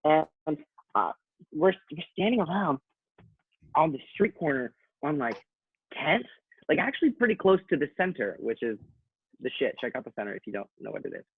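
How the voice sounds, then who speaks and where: A man in casual chat, telling an anecdote in an animated way, swearing and acting out quotes. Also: fairly high pitch, moderate pace, breathy edge, no echo, phone-quality sound.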